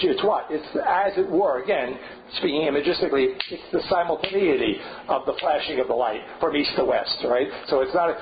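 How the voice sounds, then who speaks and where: Older male seminar leader, slightly high voice, musing and restarting as he lectures. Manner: thinking aloud, frequent restarts and asides. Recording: dull lo-fi recording with faint hiss.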